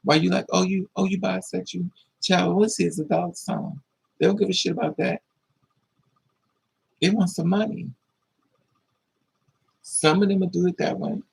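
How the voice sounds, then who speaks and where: Husky, gravelly man telling a raw story. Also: sits high, steady tone, moderate pace, pauses often, rough recording. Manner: blunt, profane, emotional storytelling. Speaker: livestream host. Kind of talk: casual storytelling to live viewers.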